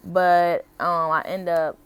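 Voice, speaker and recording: A woman's voice: lowish voice, little pitch movement, slow pace, clean tone. A woman in her thirties from the United States, telling her personal story to camera in a chatty, heartfelt way full of "like" and "um". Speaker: vlogger.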